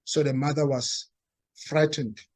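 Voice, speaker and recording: A man with a South African accent telling a story to a live audience, halting and restarting, and acting out the quoted dialogue. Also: fairly high pitch, fairly even intonation, no room sound. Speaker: speaker at a talk. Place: meeting room.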